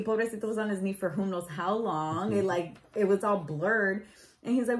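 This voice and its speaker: A woman's voice: a little high, normal speed, poor audio. A young woman telling her proposal story in a casual vlog, chatty and full of "like" fillers. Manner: chatty, lots of "like" fillers, animated retelling.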